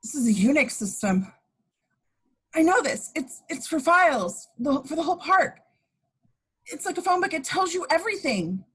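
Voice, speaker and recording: A woman reading the part of a frightened but determined teenage girl in an amateur online table read, breathless and halting. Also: medium pitch, husky. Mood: urgent. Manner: breathless, halting, stammers when rushed.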